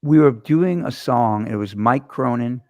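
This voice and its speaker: A man hosting a casual show, telling stories in an animated, rambling and profane way into a camera setup. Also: medium pitch, unhurried, no echo. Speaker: host. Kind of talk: casual chat. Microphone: webcam or phone camera mic.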